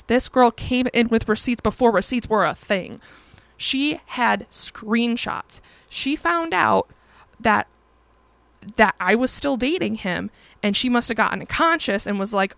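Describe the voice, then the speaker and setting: A woman's voice: on the high side, animated, measured pace, creaky, a bit bright, no echo. A woman telling a personal story in a casual vlog, blunt and emphatic, with frequent swearing.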